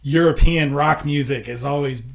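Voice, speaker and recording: A man's voice: a little high, fairly even intonation, normal speed, gravelly. An American man talking casually about songwriting, explaining ideas and humming musical examples. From United States. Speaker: songwriter and producer. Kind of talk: casual conversation.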